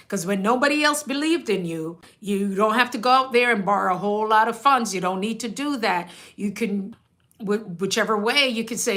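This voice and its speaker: Bright-voiced woman hosting a casual livestream. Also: medium pitch, fairly quick. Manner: chatty, reads out viewer comments, laughs often. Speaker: livestream host and business coach.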